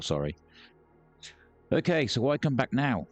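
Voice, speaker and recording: A man's voice: medium pitch, very animated, moderate pace, pauses often, soft background music. A man recording let's play commentary on a headset mic, joking, swearing and mocking the game's characters. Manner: jokey, swears, mocks the characters. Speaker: gaming YouTuber.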